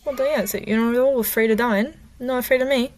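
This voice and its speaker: A woman voicing a villainous male pirate captain in a light put-on British accent, speaking slowly and sneeringly. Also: on the high side, darkish tone, voice pushed up, lightly acted. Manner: slow, sneering.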